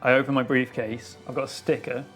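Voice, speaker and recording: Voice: medium pitch, little pitch movement, brisk, a bit bright, soft background music. A player in a tabletop game who describes their moves in the first person, playfully.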